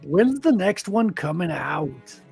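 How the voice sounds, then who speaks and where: A man's voice: sits high, very animated, slow pace, vocal fry, darkish tone, faint music behind. A man hosting a casual podcast, greeting viewers in the chat in a friendly way. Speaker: host.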